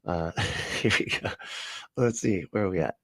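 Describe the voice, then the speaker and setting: A low-pitched man with vocal fry hosts a livestream at a measured pace, reacting to videos. His talk is casual and profane, rambling and joking with lots of swearing and laughter. There's no room sound, and the studio sound is clean.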